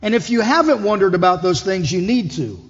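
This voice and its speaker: A man's voice: high voice, sing-song, a little fast. A man preaching a conversational sermon as lead pastor, putting questions to the congregation. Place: church hall. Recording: dull echoey hall.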